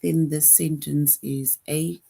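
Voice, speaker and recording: A woman's voice: sits low, fairly even intonation, slow pace, gravelly, dark tone, slightly rough. Patient woman teaching young kids. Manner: patient, repeats each point, frequent "right?". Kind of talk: grade school grammar lesson.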